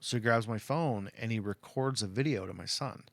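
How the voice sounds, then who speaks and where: A middle-aged man from Arizona, USA, tells a personal story casually and ramblingly, choking up and filling it with "like" and "you know." His gravelly, somewhat bright voice is fairly low, at normal speed, with no echo.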